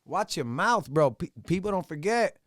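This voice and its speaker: A man's voice: high voice, lively intonation, normal speed, no echo. A man hosting a solo podcast, talking bluntly and profanely in a heated rant. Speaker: podcast host.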